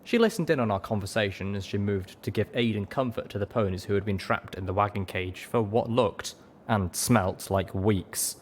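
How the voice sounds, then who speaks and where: A man narrating a story in first person with a steady, dramatic reading. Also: fairly low pitch, moderate pace, a little hiss or hum. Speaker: audiobook reader.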